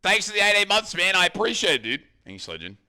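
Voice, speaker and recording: A man's voice: sits high, big pitch swings, quick pace, bright, forceful tone. An Australian man streaming while cooking at home, bantering loosely with his chat and swearing casually. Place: home kitchen.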